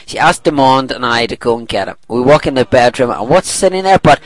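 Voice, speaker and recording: A man's voice: medium pitch, animated, brisk, no echo, low-quality recording. A middle-aged man hosting a podcast in casual chat, reading a listener's email aloud and laughing often as he rambles and corrects himself. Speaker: podcast host.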